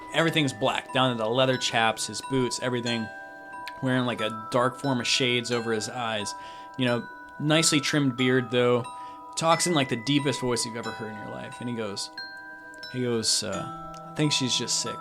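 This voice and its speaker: A young man narrates a tabletop game as game master. He describes each scene in a loose, rambling way, padding it with fillers. Clear music plays behind his voice. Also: medium pitch.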